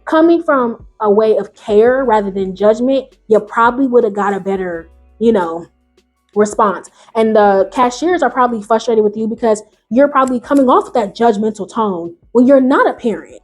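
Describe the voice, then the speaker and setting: A woman hosting a video, reading online stories aloud and reacting in animated, slangy, casual talk, jumping between loud high bursts and low mutters. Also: moderate pace, soft background music. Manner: animated, slangy, talks back to the story. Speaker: YouTube host.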